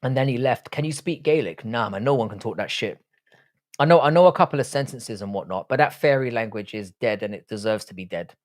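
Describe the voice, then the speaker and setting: A man hosts a loose livestream, answering viewer comments with crude banter and constant swearing. His voice sits at an ordinary middle pitch. The sound is dry and close, with no room echo. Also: animated, brisk. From United Kingdom. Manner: profane, bantering, slangy. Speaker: livestream host. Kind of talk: casual livestream chat reading viewer comments.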